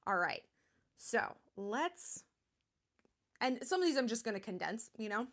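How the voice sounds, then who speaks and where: A woman's voice: fairly high pitch, expressive, normal speed, a bit bright. A woman in her thirties hosting a charity livestream, talking in a chatty, blunt way with lots of fillers. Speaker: livestream host. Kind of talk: casual livestream talk.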